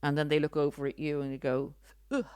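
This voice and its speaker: A woman hosting a podcast, speaking in earnest, deliberate commentary with occasional dry sarcasm. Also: low voice, flat delivery, a little mellow, clean tone, no room sound. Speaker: podcast host.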